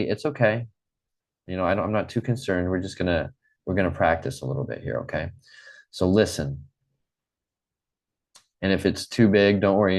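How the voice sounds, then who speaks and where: A man with a very low voice leads a live online English lesson. He grew up in the Midwest and talks slowly and plainly, repeating himself and checking in with his students. He is heard through a computer mic on a video call. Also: a little mellow. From Midwest United States. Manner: slow, clear, repeats and checks with okay.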